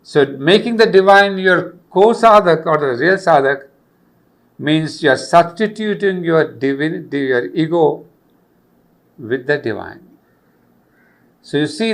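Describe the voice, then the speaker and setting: A man's voice: fairly high pitch, animated, slow pace, creaky, pauses often. An older man, giving an earnest spiritual lecture on yoga and repeating key phrases for emphasis. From India.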